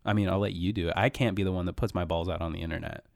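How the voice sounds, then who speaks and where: A man's voice: sits low, fairly even intonation, very fast, gravelly. A young man co-hosting a casual podcast, teasing and pushing his friend with joking banter. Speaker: podcast co-host.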